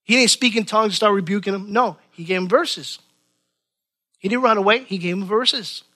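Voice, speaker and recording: A male preacher with a high, bright voice delivers a sermon. He preaches with passion, repeating phrases and moving between raised cries and soft, low passages. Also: moderate pace. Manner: impassioned, repeats phrases, swings between loud and hushed.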